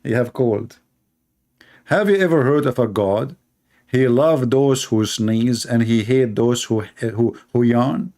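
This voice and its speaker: A man's voice: mid-range voice, takes it slowly, warm tone. A man giving a sarcastic, mocking religious polemic in non-native English. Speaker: religious debater. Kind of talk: polemical monologue.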